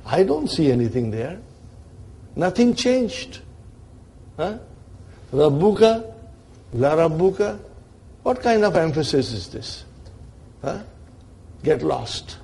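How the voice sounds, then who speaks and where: A man's voice: on the high side, sing-song, takes it slowly, creaky, pauses often, dark tone, slightly rough, exaggerated voice. A man voicing a personified grammar particle that bosses and taunts a rival word in a classroom story. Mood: scornful. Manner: taunting, dismissive questions.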